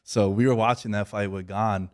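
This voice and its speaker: A man's voice: fairly low pitch, fairly even intonation, normal speed. A man hosting a podcast, asking questions in an easygoing, chatty way. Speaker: podcast host. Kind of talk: casual podcast interview.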